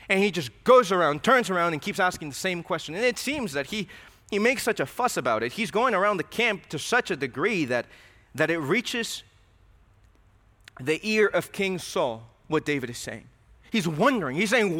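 A man's voice: high voice, expressive, a little fast, bright, forceful tone. A man preaching a sermon, earnest and questioning, often repeating his words. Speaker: pastor. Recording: reverberant hall.

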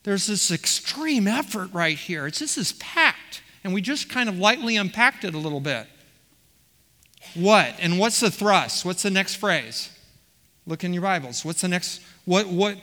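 A man's voice: sits high, pushed and bright. A man preaching an expository sermon, stressing words by repeating them and putting questions to the congregation. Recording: long reverb of a large hall.

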